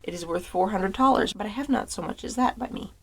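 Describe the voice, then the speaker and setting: A woman's voice: mid-range voice, quick pace, husky. A woman voicing a careful, businesslike town goldsmith in a storybook reading. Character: careful town goldsmith, middle-aged man.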